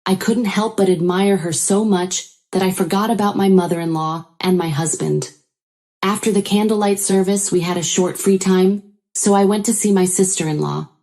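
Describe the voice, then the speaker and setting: A woman's voice: mid-range voice, fairly even intonation, moderate pace, darkish tone. A woman reading a first-person drama story as a scripted narrator.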